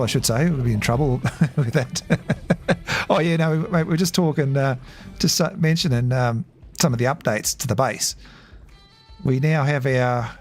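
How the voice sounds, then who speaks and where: A man chatting casually while streaming a game, rambling and halting, with frequent chuckles. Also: fairly high pitch. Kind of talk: casual live-stream chat.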